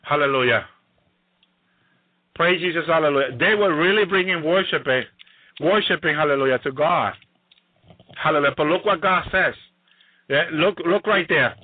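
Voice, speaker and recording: A man preaching a sermon who reads scripture aloud slowly and keeps breaking in with hallelujah and praise Jesus. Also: a little high, dry recording. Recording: tinny phone-like, dry sound.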